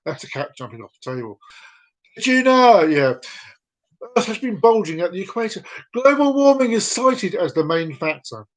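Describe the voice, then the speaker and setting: Lively, high-voiced man hosting a vlog. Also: moderate pace. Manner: rambling, jokey, repeats himself. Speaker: vlog host. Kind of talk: casual live-stream fact reading.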